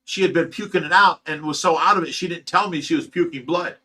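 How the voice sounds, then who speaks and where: A man's voice: a little high, fast, sharp tone. A man hosting his own channel, telling a painful personal story to his viewers in a raw, rambling, emotional way. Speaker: host of a fish rescue channel.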